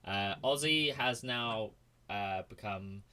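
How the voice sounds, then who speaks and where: A young man hosting a casual podcast over a voice call, relaxed, laughing often and swearing offhandedly. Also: fairly low pitch, slow pace, clean tone. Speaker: podcast host. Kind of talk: casual chat on a gaming podcast.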